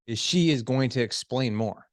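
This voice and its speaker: A middle-aged man on a podcast as a guest, coaching on marriage skills in a lively conversational way and acting out quoted dialogue. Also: mid-range voice, normal speed, no room sound, clean studio sound. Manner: animated, acts out quoted dialogue. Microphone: studio headset.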